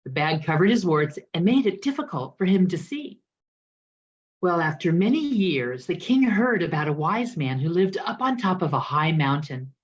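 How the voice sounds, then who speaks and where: Expressive woman minister telling a story. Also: lowish voice, lo-fi sound. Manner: expressive storyteller, dramatic pauses. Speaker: guest minister. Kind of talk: storytelling sermon.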